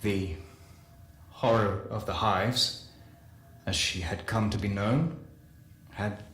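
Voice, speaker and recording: A man giving a dramatic first-person lore reading, measured and solemn, with slow deliberate pauses. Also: fairly low pitch, steady tone, fairly bright tone. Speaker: lore narrator. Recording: roomy echo with faint hiss.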